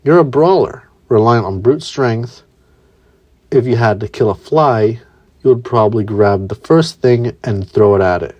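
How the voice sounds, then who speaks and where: Man as blunt young super soldier, calm, slow. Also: mid-range voice, dry recording, muffled recording, lightly acted.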